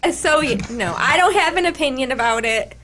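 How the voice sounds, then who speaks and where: A woman chatting casually on a podcast, talkative and quick to laugh. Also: sits high, lively intonation, bright, forceful tone, slight background noise. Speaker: regular co-host.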